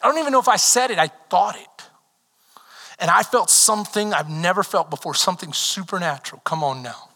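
A man preaching a sermon as pastor, telling stories with animation and building to shouted calls to the congregation. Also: high-pitched, a little fast, creaky. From Texas. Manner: animated storytelling, rising to shouted exhortation. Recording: long hall reverb.

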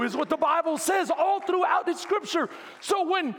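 A male pastor preaching a sermon, dramatic, swinging from hushed asides to shouted lines. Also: extremely high pitch, expressive, normal speed, hardly any pauses, in a large hall.

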